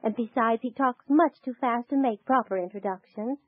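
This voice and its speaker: A woman playing a kind, gentle young lady in 1940s radio acting, speaking in a motherly way. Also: on the high side, moderate pace, no room sound, natural voice. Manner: gentle, motherly, soft laughs. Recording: tinny, dry 1940s radio transcription.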